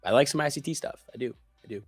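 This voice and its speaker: A man co-hosting a live trading stream, excitable and slangy, joking with the others. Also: medium pitch, fast talker, no room sound, soft background music. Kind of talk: casual trading chat.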